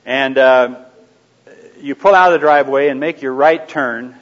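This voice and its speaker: Man, seminar speaker, live audience, conversational, rhetorical questions, quiet asides, lo-fi recording. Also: medium pitch, normal speed. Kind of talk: anecdotal teaching to a live audience. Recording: dull lo-fi recording.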